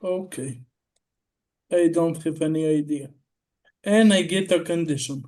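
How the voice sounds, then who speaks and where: A man playing in a casual tabletop game, giving slow, drawn-out replies. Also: on the high side, darkish tone. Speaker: player.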